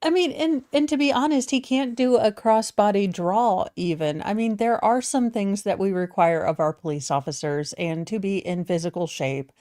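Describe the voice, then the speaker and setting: A woman's voice: medium pitch, moderate pace, few pauses, warm tone. A woman co-hosting a live stream, giving opinionated, rambling remarks in casual chat. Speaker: stream co-host.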